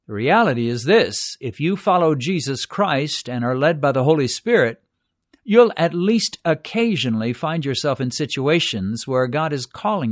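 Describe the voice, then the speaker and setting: A man's voice: mid-range voice, no room sound. Earnest older man, dry close sound. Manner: measured, earnest Bible exposition. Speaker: preacher. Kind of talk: recorded devotional teaching.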